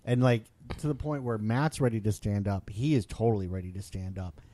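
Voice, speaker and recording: A man hosting a podcast, telling a story in a casual, animated way and acting out what people said. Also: fairly low pitch, brisk, no room sound. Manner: animated, acts out quoted voices, laughs often. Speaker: podcast host.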